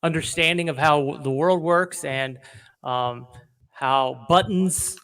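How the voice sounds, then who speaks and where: A man's voice: a little high, takes it slowly, a bit bright, clear, resonant tone. A man co-hosting a comedy podcast, rambling through self-deprecating stories and acting out bits of dialogue. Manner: self-deprecating, rambling, acts out voices in anecdotes. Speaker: podcast co-host.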